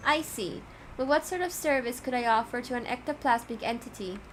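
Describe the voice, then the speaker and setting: A woman's voice: a little high, brisk, a bit bright, slight background noise, pitched above the performer's own voice, lightly acted, low-quality recording. A woman reading the lines of a pompous, verbose male cat with formal, flowery speech, in a game. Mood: grandiloquent.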